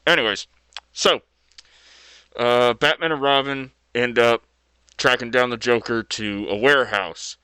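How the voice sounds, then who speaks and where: A man's voice: medium pitch, unhurried, long pauses, bright, forceful tone, smooth, no room sound. A man casually retelling a story as video host, laid-back and loose with fillers and mild slang.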